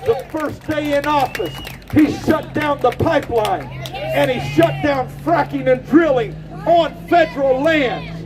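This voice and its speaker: High-pitched man shouting a rally speech. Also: a little slow, distant mic, over music, crowd noise, rough recording. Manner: impassioned, preacher-like shouting. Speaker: rally speaker. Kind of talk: outdoor political rally speech. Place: outdoors at a rally.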